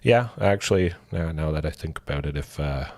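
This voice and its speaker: A man streaming a card game, commenting casually and thinking aloud, with excited exclamations and a lingering cough. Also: rumbling low, fairly quick, no room sound. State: coughing, with a cold.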